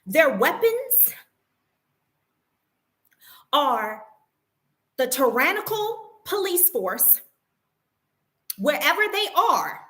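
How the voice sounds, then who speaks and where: Indignant woman vlogger, high bright voice, emotional storytelling with restarts. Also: very animated, very slow, pauses often. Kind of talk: personal story vlog.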